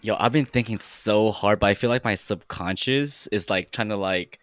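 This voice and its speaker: A man's voice: fairly low pitch, normal speed, fairly bright tone, no echo. A young man on a group podcast, talking loosely with slang and many "like"s. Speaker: podcast co-host. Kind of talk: casual group chat.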